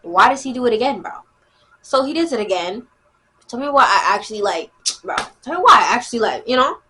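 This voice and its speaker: Young woman w/ aave doing a storytime vlog, kinda high voice, chatty, lots of like and bro. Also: big pitch swings, fairly quick, bright, forceful tone, a little hiss or hum. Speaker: vlogger.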